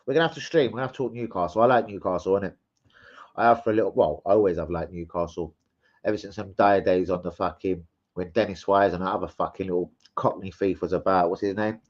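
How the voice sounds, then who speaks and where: A man's voice: deep voice, fast. Sweary, rambling man hosting a stream. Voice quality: sweary, rambling, loud shout-outs. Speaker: live-stream host. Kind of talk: casual live-stream chat reading comments. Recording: slightly muffled stream audio.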